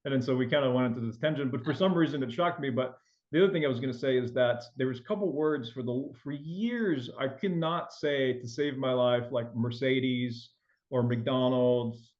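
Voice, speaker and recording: A man's voice: medium pitch, a little fast, a little mellow, lo-fi sound. A man raised in France with a faint French accent, a loan officer chatting casually as a guest in an interview, full of fillers and restarts.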